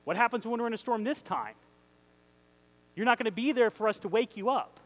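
Excitable high-voiced male preacher. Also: brisk, rough recording. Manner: excitable, emphatic, asks the audience questions. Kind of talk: sermon with scripture reading.

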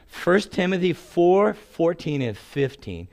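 A man's voice: sits high, slow pace. Storytelling preacher man in his sixties. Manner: animated, acts out quotes, laughs at own stories. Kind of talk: storytelling sermon.

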